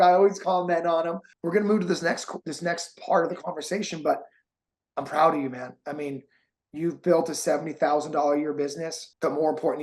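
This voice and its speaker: An emotional, encouraging man hosting an interview. His voice sits a little high, and he talks with warmth and feeling. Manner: heartfelt, encouraging, gets emotional. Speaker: host and course creator.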